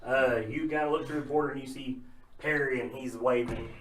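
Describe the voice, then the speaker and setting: A man's voice: medium pitch, fairly even intonation, fairly quick. A man running a tabletop game as game master, narrating in a loose, easygoing way with plenty of fillers. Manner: easygoing, many "uh" and "kind of" fillers. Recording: roomy echo, distant mic, faint noise.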